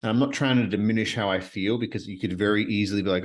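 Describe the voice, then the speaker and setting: A man with a fairly low voice talks at a quick clip, hosting his podcast alone from his apartment at night. He's earnest and rambling in this reflective monologue, often circling back to the same phrases.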